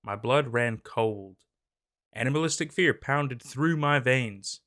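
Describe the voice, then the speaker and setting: A man's voice: medium pitch, unhurried, pushed and bright. A man narrating a scary story in a dramatic, tense scripted style over faint background music.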